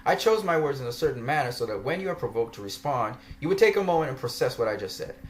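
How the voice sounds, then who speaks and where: A man's voice: mid-range voice, animated, fast. A man vlogging a ranting commentary, argumentative and mocking, laughing often as he makes his case.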